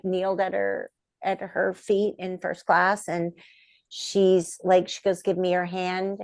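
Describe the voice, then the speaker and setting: A middle-aged woman, a puppeteer and voice actress, telling stories as an interview guest and acting out the voices of the people she quotes. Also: no room sound. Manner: animated, acts out quoted voices with big pitch jumps. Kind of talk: storytelling in a podcast interview.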